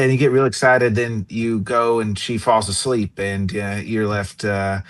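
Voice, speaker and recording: A man with a somewhat low voice breaks down combat sports as a guest. He talks casually and at length, with plenty of "uh" and "you know" as he spins a story. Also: little pitch movement, normal speed, few pauses. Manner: rambling, storytelling, filler-heavy.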